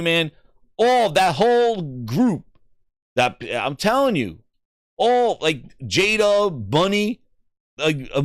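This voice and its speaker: In clean studio audio with no room sound, this gaming livestream host speaks at a medium pitch. He works through viewer comments with loose, swear-heavy, hyped-up banter.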